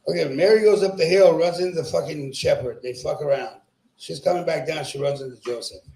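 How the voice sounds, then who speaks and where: A man's voice: a little high, a little fast, vocal fry, warm tone. A man doing crude, profane stand-up comedy, teasing the crowd and laughing at his own jokes. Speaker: stand-up comedian at an open mic. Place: small comedy club. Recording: echoey club room.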